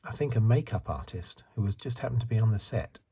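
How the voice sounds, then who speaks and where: A man in his fifties from the UK, talking in a soft-spoken ASMR chat, rambling and correcting himself. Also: fairly low pitch, lively intonation, quick pace, slightly rough. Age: 50s. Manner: rambling, self-correcting, chuckles. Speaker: ASMR channel host.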